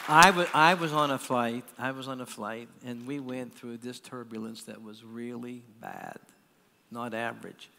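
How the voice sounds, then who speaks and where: A man evangelist preaching, telling a humorous story in a folksy way and rousing the crowd to shout. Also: mid-range voice, fairly even intonation, normal speed, vocal fry, slight background noise. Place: large meeting hall. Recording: long hall reverb.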